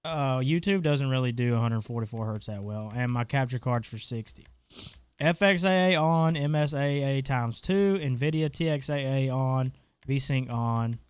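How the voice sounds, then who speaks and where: A gaming channel host with a congested, stuffy voice clicks through settings and chats offhandedly in a casual screen-recorded tutorial. His pitch is medium and his speed normal, with a clean tone and no room sound.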